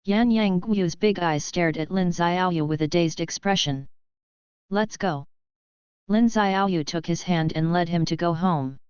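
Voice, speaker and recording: A woman narrating an audiobook in an even, steady reading. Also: fairly low pitch, measured pace, hardly any pauses, clear, resonant tone, dry recording. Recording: dull lo-fi dry audio.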